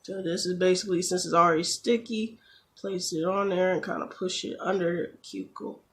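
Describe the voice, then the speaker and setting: Speaking with fairly low pitch and fairly even intonation, a woman beauty vlogger chats through a nail tutorial captured on a camera phone. She's chatty and jokey, and her patience runs out quickly.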